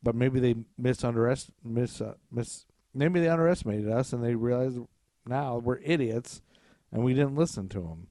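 A man with a mid-range, dark-toned voice co-hosts a podcast, chatting casually and animatedly at normal speed. He swears freely and trails off with fillers, and there's no room sound.

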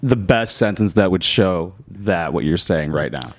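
A man's voice: low voice, lively intonation, a little slow, no echo. A man hosting a casual podcast at a friend's home, talking into a handheld mic in a crude, joking way with frequent laughs. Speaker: podcast host.

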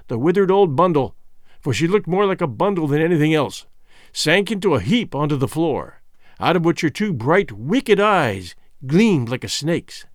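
A man narrating an audiobook with a slow, deliberate reading. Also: fairly high pitch, dry recording, clean studio sound. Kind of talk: scripted narration.

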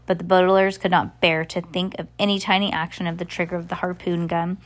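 Brief: woman reading a novel aloud, lowish voice, frequent slips and restarts. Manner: stumbles and restarts often. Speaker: audiobook reader.

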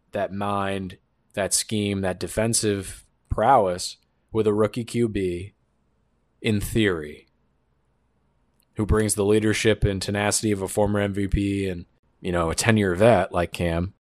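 A man giving casual, opinionated sports talk, riffing quickly with joking asides. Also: lowish voice, dry recording, studio quality. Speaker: sports commentator.

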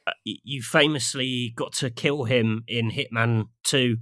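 Guy on a podcast, mid pitch, dry self-mocking jokes, laughs a lot. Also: steady tone, unhurried, a bit bright, dry recording. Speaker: podcast co-host. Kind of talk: casual chat.

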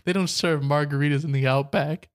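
A man's voice: fairly high pitch, steady tone, fairly quick. A man co-hosting a casual podcast, telling a story and joking around with his co-host. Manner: joking, laughs often, mock Aussie "mate" asides.

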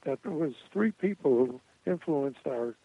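A man's voice: on the high side, expressive, moderate pace, breathy edge, no room sound. An older man, a guest in an interview, telling stories in a rambling way and chuckling now and then. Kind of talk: anecdotal storytelling interview. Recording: tinny phone-like line, dry.

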